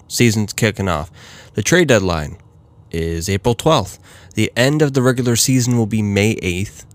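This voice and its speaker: A man's voice: fairly low pitch, no echo. A man hosting a casual solo hockey talk, rambling with many fillers and restarts. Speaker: hockey podcast host.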